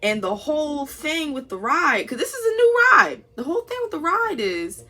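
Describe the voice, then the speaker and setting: A woman's voice: high-pitched, very animated, normal speed, bright, forceful tone. A young woman telling a story to camera in a casual vlog, acting out the voices of the people in it. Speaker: vlogger.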